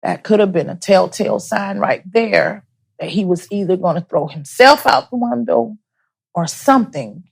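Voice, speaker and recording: A woman speaking as an interview guest, giving personal testimony as a bereaved mother, soft-spoken and halting, often repeating her words. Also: fairly low pitch, slightly rough.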